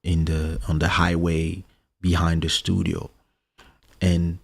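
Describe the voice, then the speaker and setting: Man, from Congo, deep voice, gravelly, casual storytelling, halting with fillers, studio mic. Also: flat delivery. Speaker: musician hosting a livestream. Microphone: studio microphone.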